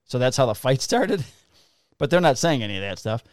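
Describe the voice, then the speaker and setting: Profane cop telling a rowdy story. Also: male voice, mid-range voice, fairly quick, dry recording, clean studio sound. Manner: profane, animated, acts out voices in quotes. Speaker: police officer telling a story. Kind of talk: casual storytelling chat.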